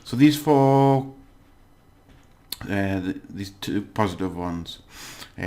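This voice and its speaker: A man with a very low voice walks through a lesson recap in a relaxed, unscripted way. He is patient and keeps checking in with the listener, pausing often to gather his words. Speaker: language teacher. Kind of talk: casual recorded lesson recap.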